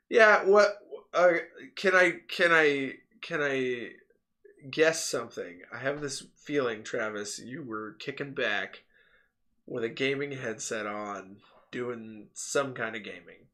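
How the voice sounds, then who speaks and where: A man co-hosting a podcast in casual chat, telling animated stories, laughing often and mimicking the people in them. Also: medium pitch, slow pace. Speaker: podcast co-host.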